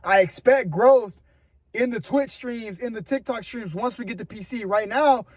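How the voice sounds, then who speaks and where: Speaking casually to the camera, a young man vlogs in an earnest, rambling way, offering motivational talk and calling his viewers "bro." His voice is very high-pitched and a little mellow, at normal speed, captured on a camera mic with no room sound.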